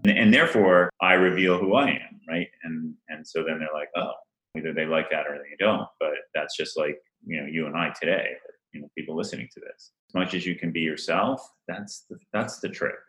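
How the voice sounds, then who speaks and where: Man, low voice, forceful bright tone, roomy echoey sound, casual interview guest. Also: a little fast, hardly any pauses. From Rhode Island. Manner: animated storytelling with frequent laughs. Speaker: event planner guest.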